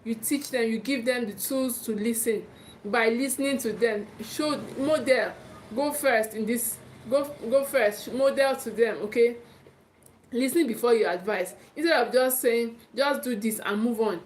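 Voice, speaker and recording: A woman's voice: on the high side, unhurried, slight background noise. Emphatic Nigerian woman parenting coach. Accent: Nigerian English. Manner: emphatic, repeats and restarts phrases, often checks in with "okay". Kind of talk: live teaching talk.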